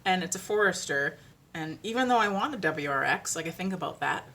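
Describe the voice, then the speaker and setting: Chatty woman with a lowish voice. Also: lively intonation, fairly quick, sharp tone. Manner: chatty and rambling, with many fillers and laughs. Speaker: vlogger. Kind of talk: casual chat to camera. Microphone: ring-lit camera.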